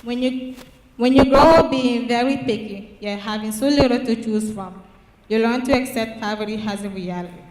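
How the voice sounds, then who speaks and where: Young woman reading her poem, halting. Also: a little high, darkish tone. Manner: earnest, halting with restarts. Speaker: student writer. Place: church hall at a public reading. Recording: echoey church hall from far off.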